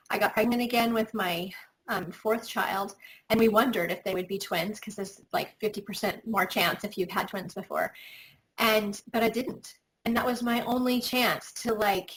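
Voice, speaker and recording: Casting: woman in her forties, chatty guest, mid-pitched voice, light hiss behind. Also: poor audio. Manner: chatty, frequent "like" and "um" fillers. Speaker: guest business coach and mother. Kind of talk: casual interview chat.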